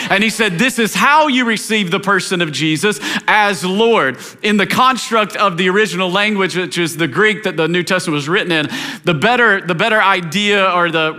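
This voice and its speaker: A pastor from Tennessee preaching a sermon, swinging from emphatic, rising exhortation to soft, low stretches. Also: male voice.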